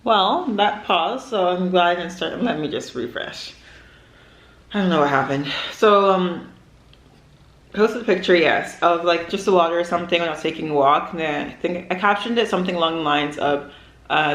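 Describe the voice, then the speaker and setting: In an echoey room at home, a young woman vlogs while eating, chatting in a rambling way with plenty of fillers. Her voice sits on the low side with a fairly bright tone and a moderate pace.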